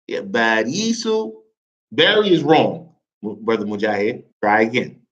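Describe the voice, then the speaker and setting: A man's voice: lowish voice, animated, measured pace, a bit bright. A male Arabic teacher leading a classroom grammar lesson, drilling students with call-and-response and tossing in jokes. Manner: joking asides. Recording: lo-fi classroom recording.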